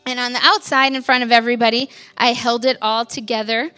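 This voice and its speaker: Bright-voiced woman giving a candid church testimony. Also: a little high. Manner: candid, conversational, lots of "like" fillers, laughs at herself. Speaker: pastor's wife giving a testimony.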